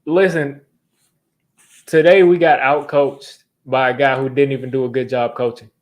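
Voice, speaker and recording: A man's voice: medium pitch, steady tone, moderate pace. A young man hosting a sports fan channel, ranting in exasperation during a live football reaction, repeating himself as he vents.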